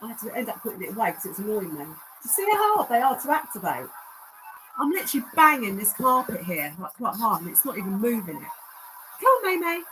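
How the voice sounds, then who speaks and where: A woman's voice: mid-range voice, very animated, fast talker, noisy background. A woman hosting a paranormal livestream at home, coaxing and chatting in a sing-song way. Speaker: paranormal vlog host. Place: indoors at home, carpeted room.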